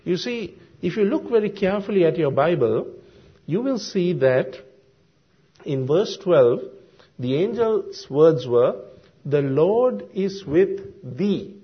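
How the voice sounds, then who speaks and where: A man preaching a sermon, explaining Bible verses slowly and deliberately with frequent ums and uhs. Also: a little high, big pitch swings, breathy edge. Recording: dull lo-fi sermon recording.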